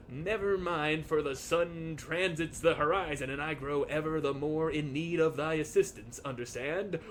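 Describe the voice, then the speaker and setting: A man's voice: on the high side, a little hiss or hum, lightly acted. A man voicing a formal landlady in a video game who speaks in archaic, stilted phrases. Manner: formal, old-fashioned, stilted. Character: stiff woman landlady speaking archaic English.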